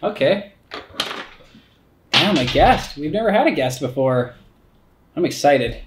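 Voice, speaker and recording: A man's voice: on the high side, animated, slow pace, echoey room, background noise. A man co-hosting a casual podcast chat, joking and rambling with skater slang. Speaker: podcast co-host.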